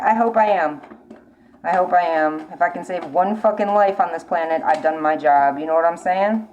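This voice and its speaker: A woman's voice: sits low, brisk, darkish tone, rough recording. Blunt, profane woman tarot reader. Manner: blunt, profane, urgent warnings with repetition. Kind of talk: casual spoken tarot reading.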